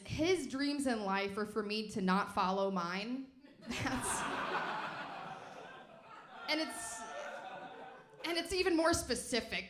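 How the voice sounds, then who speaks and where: A young woman from Chicago performing a stand-up comedy set on stage, telling animated stories and acting out the people in them. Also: on the high side, reverberant. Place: stage before a live audience.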